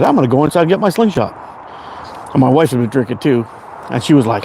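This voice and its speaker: A man's voice: medium pitch, sing-song, fast, pauses often, warm tone, a little hiss or hum. A Canadian man in his forties hosting a casual livestream, rambling and chatting as he answers viewer comments. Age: 40s. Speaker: livestream host.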